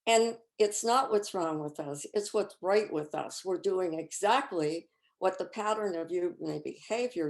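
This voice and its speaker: A woman presenting a reflective faith talk over a video call, measured and searching for words. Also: on the low side. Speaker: retreat presenter.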